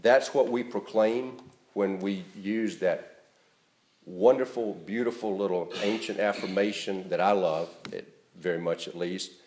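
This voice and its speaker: A male pastor giving an earnest, emphatic sermon that rises in stress and then drops to a soft, quiet close. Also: on the low side, a little slow, echoey room, a little hiss or hum. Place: church.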